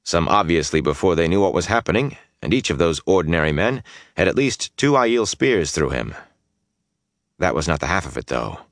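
A man's voice: low-pitched, sing-song, normal speed, no room sound, studio quality. A man narrating a fantasy audiobook with intense, dynamic storytelling that swells through the battle scenes.

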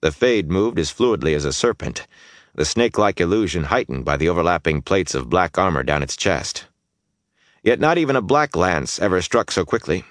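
A man with a deep, low voice reads a fantasy audiobook, his pitch rising and falling with lively drama. His delivery is intense and builds through the action, recorded close and dry with no room sound. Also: moderate pace, no room sound. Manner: intense, dynamic storytelling that swells in battle scenes. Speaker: audiobook narrator.

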